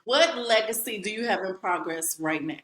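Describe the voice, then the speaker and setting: A woman's voice: mid-range voice, animated, moderate pace, a bit bright. A woman from rural Virginia hosting a podcast, folksy and playful, often turning to talk straight to her listeners. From Lawrenceville, Virginia, US. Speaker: podcast host. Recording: echoey room.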